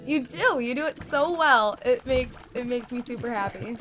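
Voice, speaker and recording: A woman with a fairly high voice chats casually alongside a game streamer. She jokes and laughs often. Game music plays clearly behind her. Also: normal speed. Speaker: stream co-host. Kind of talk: casual chat.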